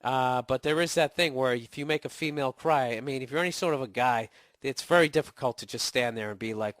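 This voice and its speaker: A man's voice: mid-range voice, fairly quick, fairly bright tone, no echo, clean studio sound. A man in his forties with a Boston accent, hosting a podcast and answering listener emails in a profane, sarcastic rant while getting over a cold. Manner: profane, sarcastic, mocking impressions. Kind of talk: casual ranting monologue.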